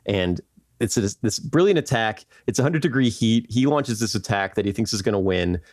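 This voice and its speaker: A man's voice: fairly low pitch, lively intonation, moderate pace, darkish tone, no room sound, clean studio sound. A man hosting a podcast, telling history in a loose, rambling way, laughing often and tossing in "like" and "right?". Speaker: podcast host. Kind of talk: casual history storytelling.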